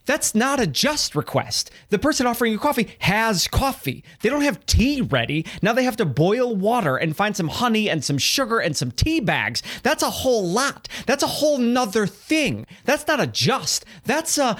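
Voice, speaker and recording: A man's voice: high-pitched, sing-song, moderate pace, a bit bright. A man hosting a comedy podcast, ranting in an exasperated way and acting out mock quotes, then chatting casually with his co-host. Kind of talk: comedic rant and casual chat.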